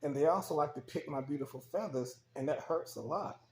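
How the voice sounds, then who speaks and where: A man's voice: on the high side, fairly quick, a little mellow, natural voice. Guy playing a tired resigned peacock, echoey room. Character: weary, caged male peacock.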